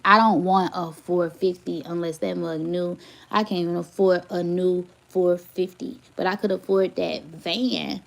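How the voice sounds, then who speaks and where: A woman's voice: on the low side, gravelly, low-quality recording. A young woman, chatting casually to her viewers in a rambling, repetitive way. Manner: chatty, rambling, repeats herself. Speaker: vlogger. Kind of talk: casual chat to camera.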